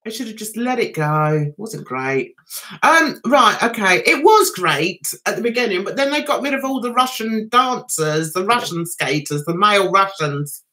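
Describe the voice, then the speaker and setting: A woman hosting a casual livestream from home, chatty and excitable as she reacts to viewer comments, speaking into a computer or phone mic. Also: medium pitch, normal speed. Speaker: livestream host.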